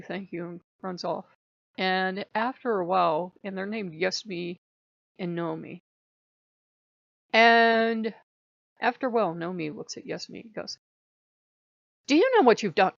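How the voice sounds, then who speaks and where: A woman's voice: medium pitch, creaky, a bit bright, no room sound. A woman vlogger telling a spiritual story in a casual, rambling way with many fillers. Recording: dull lo-fi sound.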